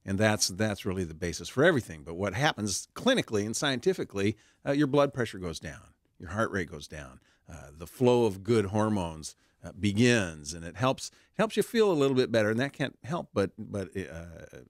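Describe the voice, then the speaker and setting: A man's voice: on the low side, sing-song, normal speed, hardly any pauses, no room sound, clean studio sound. A man, an author and founder of a therapy dog charity, telling stories as an interview guest, with lots of fillers and restarts. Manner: warm anecdotal telling with many fillers and restarts.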